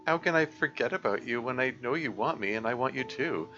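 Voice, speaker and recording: Man doing a worried teenage girl, stammering, pleading, bright tone, lo-fi recording. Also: medium pitch, lively intonation, fairly quick, faint music behind, voice pushed up. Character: anxious, caring teenage girl. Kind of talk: reading a visual novel aloud.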